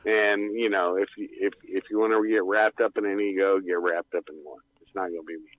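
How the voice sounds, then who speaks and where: A man's voice: low-pitched, fairly even intonation, fairly quick, no echo. A man calling into a radio show, rambling bluntly with lots of fillers and the odd swear word. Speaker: guest on call-in show. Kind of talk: casual rambling radio talk. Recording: tinny phone line.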